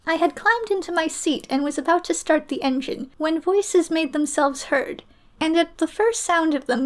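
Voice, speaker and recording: A woman reading a story aloud in a measured, expressive way, as a storyteller. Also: sits high.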